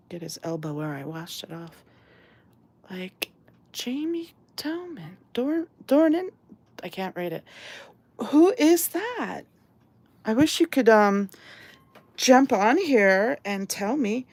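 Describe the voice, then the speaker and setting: A woman's voice: on the high side, big pitch swings, slow, long pauses, a little mellow. A woman hosting a casual live stream while painting, chatty and self-deprecating, reading chat aloud. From outside England. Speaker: livestream host.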